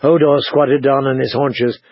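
Male audiobook narrator, slow, husky, gravelly, dry dull lo-fi sound. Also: a little high, dry recording. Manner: measured, dramatic storytelling. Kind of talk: scripted fantasy narration. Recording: dull lo-fi recording.

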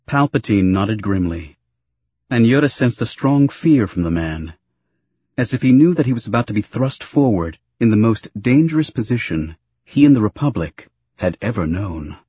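Male narrator, husky low voice, lively delivery, dry close sound. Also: moderate pace, dry recording. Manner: expressive storytelling. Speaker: audiobook narrator. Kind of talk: scripted narration.

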